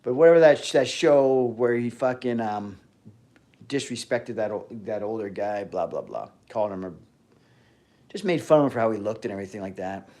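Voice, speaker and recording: A man's voice: lowish voice, moderate pace, darkish tone. A man hosting a fitness livestream, ranting casually with heavy swearing and frequent trailing off mid-sentence.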